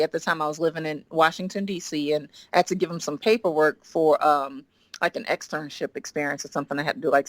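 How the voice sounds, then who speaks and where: A woman guest on a podcast telling a story in animated chat, often acting out what she and others said. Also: sits low, no echo. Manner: lively, quotes herself and others in acted voices, frequent "like".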